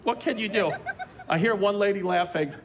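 A man's voice: sits high, moderate pace, noisy background. Crude rambling man comic. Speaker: stand-up comedian. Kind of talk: stand-up set and backstage banter.

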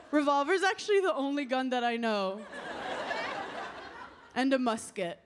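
Brash high-voiced woman doing stand-up. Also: animated, brisk. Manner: brash, playful, laughing through punchlines. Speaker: stand-up comedian. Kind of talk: stand-up set. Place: comedy stage before a live audience. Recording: loud live crowd and noise.

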